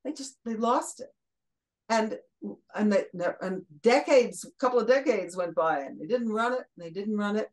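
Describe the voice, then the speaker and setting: This is a casual storytelling interview with an older Brooklyn-born woman, formerly a children's TV host, appearing as a guest. Relishing each anecdote, she breaks into laughter mid-sentence and acts out quotes in a steady, mid-range voice at normal speed. The audio is rough.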